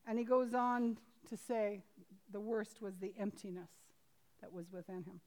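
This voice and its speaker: During a sermon, a woman reads aloud from a storybook in an earnest, halting way full of restarts. She has a medium pitch and fairly even intonation, alternating between loud emphasis and hushed tones.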